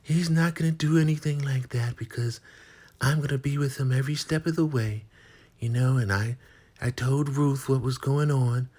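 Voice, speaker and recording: A man voicing a cool, dismissive woman who brushes off a nervous partner, in a high, sassy voice. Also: moderate pace, a little mellow, lightly acted.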